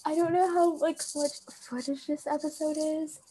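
A young woman talks straight to a close friend in a long, rambling, heartfelt monologue, her sentences full of fillers and restarts. Her voice is warm and mellow, set a little high, and she stands while she speaks. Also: little pitch movement, normal speed. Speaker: vlogger addressing a friend. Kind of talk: emotional casual monologue.

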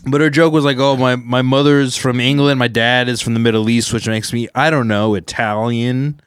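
A man's voice: mid-range voice, steady tone, normal speed, clean tone, no echo, clean studio sound. A young man from Southern California, a stand-up comedian hosting a podcast, chatting loosely and acting out bits in silly voices. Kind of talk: casual chat.

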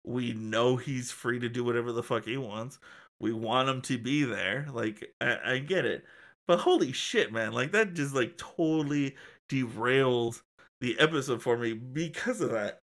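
A man ranting in casual podcast chat, animated and full of swearing. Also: medium pitch, moderate pace. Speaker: podcast co-host.

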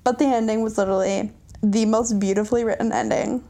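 Gushing young woman, slightly high voice. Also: steady tone, quick pace, dark tone. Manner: gushing, enthusiastic, lots of fillers. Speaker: podcast co-host. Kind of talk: casual chat about books.

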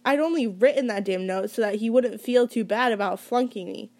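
A woman's voice: fairly high pitch, a little fast, a little mellow. A woman reading a first-person novel aloud in a casual, conversational way, with small slips and restarts. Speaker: reader.

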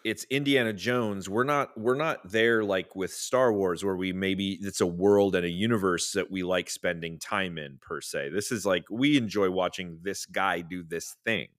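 A man's voice: low-pitched, moderate pace, hardly any pauses, dry recording, studio quality. A man co-hosting a casual pop-culture podcast, joking wryly and restarting his sentences with stammers. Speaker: podcast co-host.

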